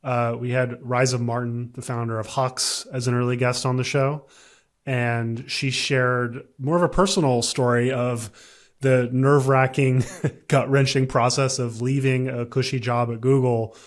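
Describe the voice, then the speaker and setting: A man co-hosting a podcast in casual chat, relaxed and easygoing as he introduces a clip. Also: medium pitch, unhurried. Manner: relaxed, easygoing, many "uh" fillers. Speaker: podcast co-host.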